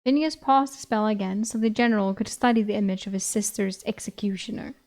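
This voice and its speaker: A woman's voice: mid-range voice, fairly quick, darkish tone. A woman streamer reading a fantasy novel aloud, laughing often and breaking off with casual asides. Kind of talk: audiobook reading with reaction commentary.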